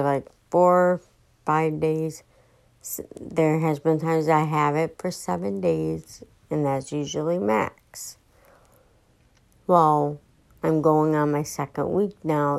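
A woman's voice: low-pitched, vocal fry, a little mellow, low-quality recording. An exhausted young woman rambling through a casual podcast monologue, full of fillers and restarts. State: exhausted and fatigued. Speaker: podcast host.

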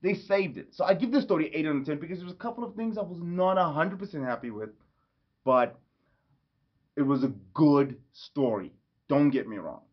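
A man's voice: a little high, expressive, normal speed, slightly rough. Rambling, enthusiastic man reviewing a movie. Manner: enthusiastic, rambling, self-correcting. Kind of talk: casual vlog review. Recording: slightly dull lo-fi audio.

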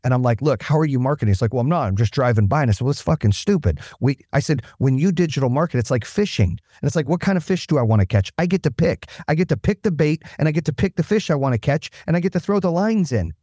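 A man's voice: a little high, lively intonation, mellow, husky, dry recording, clean studio sound. Blunt, profane man telling stories. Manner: blunt, profane, fast-talking. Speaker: guest, business owner. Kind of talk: casual storytelling.

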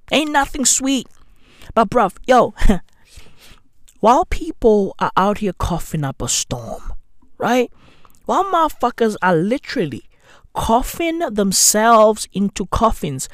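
Slow, dry-voiced woman ranting. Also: medium pitch, no echo. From South Africa. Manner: slangy, sarcastic, heavy swearing, dramatic swings between loud and hushed. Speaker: vlogger. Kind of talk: profane self-mocking vlog rant.

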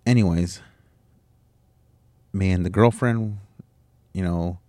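A man speaks in a fairly low voice, telling a personal story as a podcast host. He is candid and emotional, swears freely and often restarts his sentences. The recording is dry, with no room sound. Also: slow pace, warm tone, no room sound.

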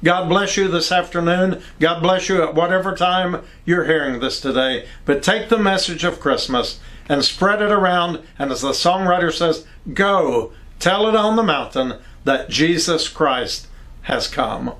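A man's voice: on the high side, unhurried, fairly bright tone. A man preaching a Christmas sermon, earnest and pastoral, speaking straight to his listeners with small slips and self-corrections.

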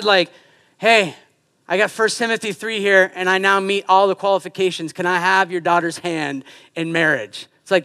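High, bright-voiced joking male pastor. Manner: animated and joking, acts out quoted voices. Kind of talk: sermon. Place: church sanctuary.

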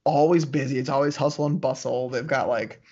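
A man's voice: medium pitch, fairly even intonation, fairly quick, warm tone, husky. A man co-hosting a casual podcast, chatting in a laid-back, rambling way with frequent laughs. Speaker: podcast co-host. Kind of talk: casual chat. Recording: muffled lo-fi audio.

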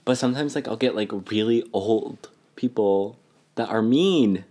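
A young man with a rather low voice chats casually as a podcast co-host. He tells stories in an animated way and leans heavily on fillers. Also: a little slow. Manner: animated, filler-heavy storytelling. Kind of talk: casual chat.

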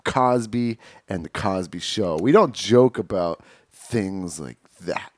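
A man's voice: low-pitched, animated, slow pace, no echo, studio quality. A man co-hosting a casual podcast, teasing his partner with crude jokes and laughing often. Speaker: podcast co-host.

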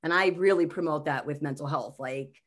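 A woman comedian and mental health speaker, a guest on a podcast, talking in a high-energy, animated storytelling way. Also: a little fast. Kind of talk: casual podcast conversation.

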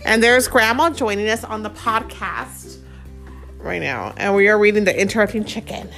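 A woman's voice: mid-range voice, moderate pace, vocal fry, a bit bright, soft background music. A woman in her thirties hosting a podcast, reading a picture book aloud to her child, playful and chatty. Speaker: podcast host and mother.

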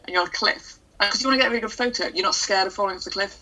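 A woman with a bright, sharp tone chats casually with a friend. She muses aloud, trailing off and circling back as she works out her thoughts. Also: mid-range voice, racing, poor audio. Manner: musing, thinks aloud with hesitations. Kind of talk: casual chat.

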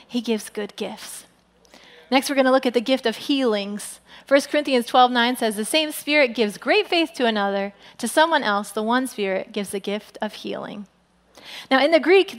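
A woman pastor giving a sermon in an animated way, acting out quoted people with big jumps in pitch. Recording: long hall reverb.

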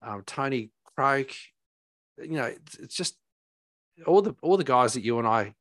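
A man's voice: mid-range voice, expressive, unhurried, fairly bright tone, dry recording. Aussie guy rambling through his stories, lots of ums, dead dry sound. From Australia. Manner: rambling, heartfelt, many fillers and restarts. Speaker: guest. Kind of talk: casual storytelling.

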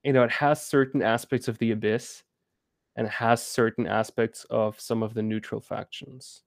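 A man with a gravelly, mid-range voice chats as an interview guest. He halts, repeats words and restarts his sentences, laughing now and then. The recording is close and dry. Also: medium pitch, steady tone, dry recording. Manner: halting, many restarts and fillers, laughs often. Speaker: game co-founder guest. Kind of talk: casual interview chat.

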